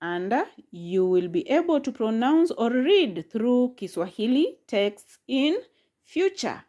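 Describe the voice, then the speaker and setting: A woman teaching a pronunciation lesson, saying each word slowly and repeating it several times. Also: on the high side, big pitch swings, dark tone. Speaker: language teacher. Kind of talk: slow, drilled pronunciation lesson.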